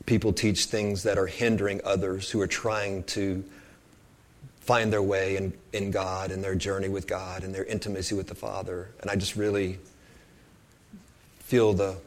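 A man's voice: low-pitched, flat delivery, normal speed. A man preaching an informal sermon, earnest and rambling, often repeating words as he goes.

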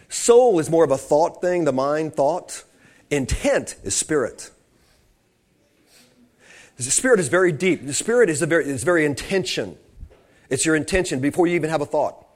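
A male pastor preaching, rambling through anecdotes with frequent restarts before rising into fervent emphasis. His voice sits a little higher than most men's. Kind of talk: sermon.

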